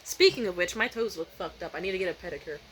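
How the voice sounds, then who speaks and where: A young woman vlogging at home at night, telling a story in a profane, animated rant and mimicking other people's voices. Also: on the low side, fast, slight background noise, poor audio. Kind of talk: casual vlog rant.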